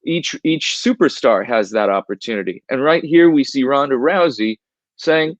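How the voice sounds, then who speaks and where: A man co-hosting a casual wrestling podcast, explaining his points in a measured way. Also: medium pitch, expressive, dry recording, muffled recording. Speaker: podcast co-host. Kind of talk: casual news chat.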